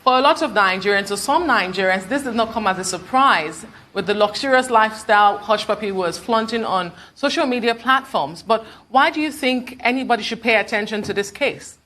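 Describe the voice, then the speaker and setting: A woman news anchor questioning a guest briskly and directly on a TV interview. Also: a little high, expressive, bright, forceful tone.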